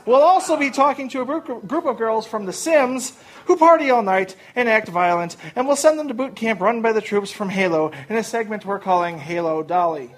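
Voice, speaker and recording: A performer voicing Mario as a flustered talk show host with a fake Italian accent, stammering as he tries to calm things down. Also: medium pitch, brisk, lightly acted. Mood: announcing.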